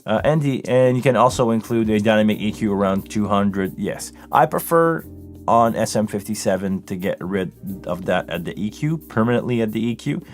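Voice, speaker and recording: A man's voice: on the low side, lively intonation, normal speed, faint music behind. Man demoing audio gear. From Montreal, Canada. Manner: hands-on, explanatory, talks while adjusting settings. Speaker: live sound engineer hosting a Q&A stream. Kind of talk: live-stream tech demo and Q&A. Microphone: close vocal microphone running through a mixing console.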